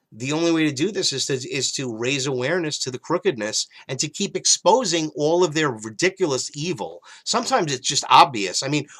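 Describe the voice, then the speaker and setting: A man hosting a talk show, delivering a rambling monologue with a mocking edge, swinging between loud emphatic bursts and low mutters. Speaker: show host.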